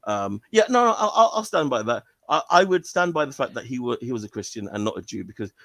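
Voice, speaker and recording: A male caller telling a story on a call-in stream in an animated way, laughing and restarting often. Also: medium pitch, fast, vocal fry, no echo.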